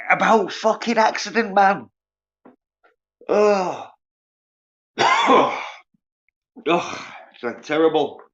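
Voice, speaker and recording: A man, ranting scornfully and profanely on a casual livestream while reading viewers' comments. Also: a little high. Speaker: livestream host. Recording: dull lo-fi sound.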